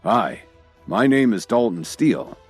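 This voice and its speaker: Brash, loud young heir, voiced by the narrator, low voice with a lively swing, storybook read. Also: male voice, measured pace, breathy edge, faint music behind.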